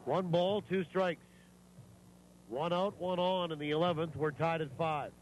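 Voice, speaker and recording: Man calling baseball over ballpark noise. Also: unhurried. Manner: steady, matter-of-fact calling of each pitch. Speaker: play-by-play radio announcer. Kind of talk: live baseball commentary. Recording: noisy ballpark ambience.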